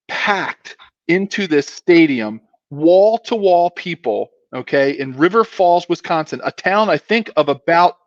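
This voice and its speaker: A man's voice: a little high, fairly bright tone, no echo, lo-fi sound. A man in his fifties, a former pro football player, telling a long story as a guest in a casual, rambling way with many asides.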